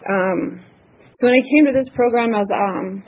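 A woman's voice: medium pitch, moderate pace, creaky. A woman giving a personal testimony at a recovery meeting, earnest and nervous, with many ums and restarts. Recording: slightly dull lo-fi audio, faint noise.

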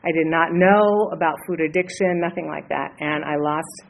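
A woman in her late fifties, from the Los Angeles area, sharing her story at a recovery meeting, hesitant and earnest with many pauses. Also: sits low, fairly even intonation, vocal fry, rough recording. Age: 50s. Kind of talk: personal share at a support meeting.

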